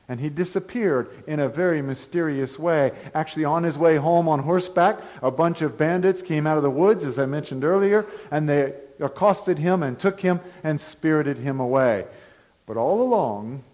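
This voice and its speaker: Storytelling pastor preaching a sermon. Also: male voice, on the high side, poor audio. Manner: storytelling, animated, rising to emphatic declarations.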